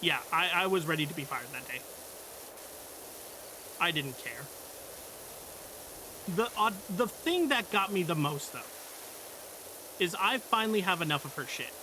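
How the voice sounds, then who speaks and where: A man's voice: a little high, lively intonation, unhurried, pauses often, background noise. A young man streaming, telling a work story in a blunt, profane, exasperated way. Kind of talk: casual storytelling.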